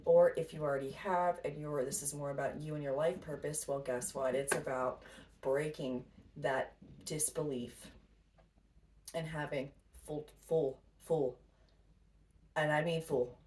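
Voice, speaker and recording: Woman tarot reader, low voice, blunt and profane, laughs easily; distant mic, faint noise. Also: steady tone, unhurried, darkish tone. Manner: blunt, swears freely, laughs a lot. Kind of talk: casual spiritual pep talk.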